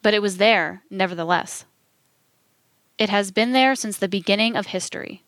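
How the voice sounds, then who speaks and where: A woman's voice: mid-range voice, normal speed, fairly bright tone, no room sound. Woman reading aloud in a dry booth. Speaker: reader.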